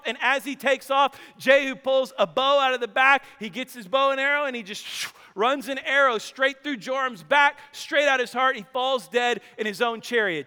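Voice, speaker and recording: A man's voice: very high voice, bright, forceful tone, clear, resonant tone. A man preaching a sermon, telling the story dramatically with joking asides to the congregation. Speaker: pastor. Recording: long hall reverb.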